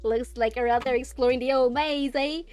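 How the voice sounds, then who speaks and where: A woman's voice: high voice, fairly even intonation, normal speed, a little mellow, lightly acted. A woman voicing a male spider-like merchant creature with an Australian accent and folksy sales patter. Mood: chummy.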